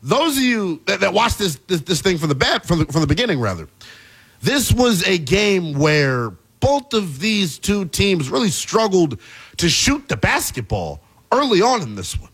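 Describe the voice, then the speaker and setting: A man hosting a basketball talk show, delivering an animated, exasperated commentary rant with plenty of emphasis. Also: sits high, moderate pace, breathy edge. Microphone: earpiece in studio.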